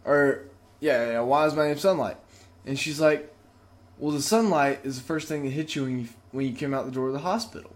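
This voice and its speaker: A man co-hosting a casual podcast chat who swears freely and laughs loudly. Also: medium pitch, fairly quick. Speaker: podcast co-host. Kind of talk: casual joke-telling chat.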